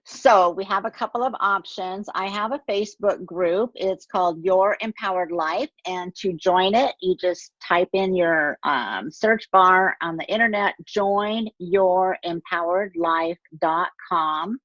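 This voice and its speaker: A woman's voice: on the low side, unhurried, few pauses, a bit bright, dry recording. A middle-aged woman, a guest empowerment coach, talking earnestly and encouragingly in a casual interview over a video call. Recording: dull, dry lo-fi sound.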